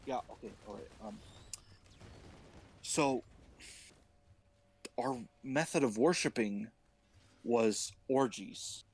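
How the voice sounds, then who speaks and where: A man's voice: mid-range voice, takes it slowly, pauses often, a little mellow, slightly rough, voice pushed down. A man voicing a sheepish, rambling adult male Aaron who mumbles and hesitates, filling his talk with "um" and "all right". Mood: evasive.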